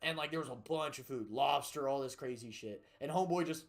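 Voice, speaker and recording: A man's voice: mid-range voice, fairly quick. Chatty young man telling rambling stories. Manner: rambling, profane storytelling. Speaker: streamer. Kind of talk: casual chat while gaming.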